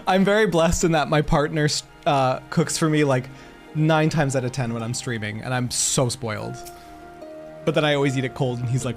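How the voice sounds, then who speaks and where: A man chatting casually on a live stream while gaming, excitable and quick to laugh. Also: fairly high pitch, faint music behind.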